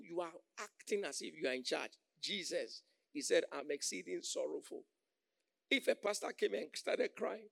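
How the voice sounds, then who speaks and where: A man preaching a sermon as pastor, calling for amens, acting out quoted voices and swinging between loud calls and soft asides. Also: sits high, very animated, normal speed, creaky, no room sound, studio quality.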